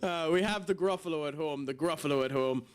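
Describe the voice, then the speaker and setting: A man's voice: a little high, a little fast. A young man streaming a game, chatty and self-mocking, with lots of fillers. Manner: chatty, laughs at himself, many fillers. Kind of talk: casual live-stream commentary.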